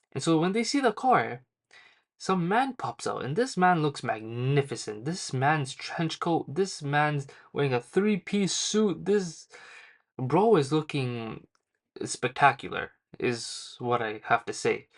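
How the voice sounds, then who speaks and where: A man's voice: fairly high pitch, very animated, slow pace. A young man casually recapping a manga chapter in a rambling, slangy way with lots of fillers. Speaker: manga reviewer.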